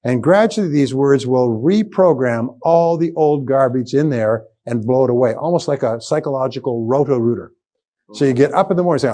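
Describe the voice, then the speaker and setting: A man's voice: mid-range voice, a little fast, mellow. An older man speaks at a motivational seminar, speaking to a live audience in a mid-range voice. He is emphatic and repetitive, hammering short phrases and rising to punchy exclamations.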